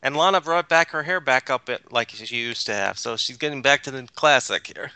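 Bright lively guy on a podcast, dry close mic. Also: medium pitch, brisk, clear, resonant tone, no room sound. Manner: laughs often, animated. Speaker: podcast co-host. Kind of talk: casual wrestling chat.

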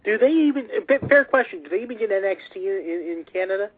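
A man's voice: high-pitched, lively intonation, quick pace, breathy edge, dry recording. A man co-hosting a casual chat show, rambling, joking and correcting himself as he talks. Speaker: podcast co-host. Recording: tinny phone-like line.

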